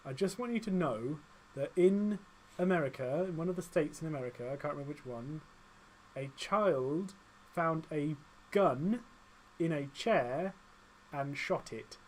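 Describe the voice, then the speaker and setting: A man's voice: a little high, animated, darkish tone, a little hiss or hum, rough recording. Young British man co-hosting radio banter. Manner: joking, quick, reads out news items. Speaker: radio show co-host. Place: radio studio.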